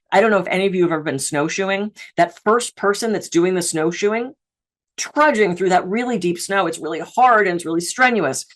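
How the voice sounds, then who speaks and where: A woman from the Pittsburgh area giving a keynote on stress, telling personal anecdotes with playful, self-mocking humor. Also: on the low side. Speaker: keynote speaker on stress management.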